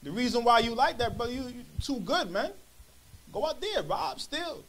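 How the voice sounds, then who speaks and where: High-voiced man explaining scripture casually. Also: lively intonation, normal speed, fairly bright tone, slight background noise. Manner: street-style paraphrasing, acts out quoted voices. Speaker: church elder teaching. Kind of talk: Bible study commentary.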